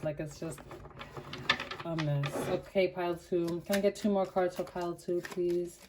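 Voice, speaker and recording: A woman's voice: on the low side, background noise. A young adult woman giving a casual tarot card reading, chatty and slangy, full of fillers as she talks things through. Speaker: tarot reader.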